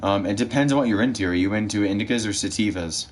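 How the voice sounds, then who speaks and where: Laid-back low-voiced streamer man. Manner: laid-back, drawling, fills pauses with "um". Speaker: livestream host. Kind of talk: casual livestream chat.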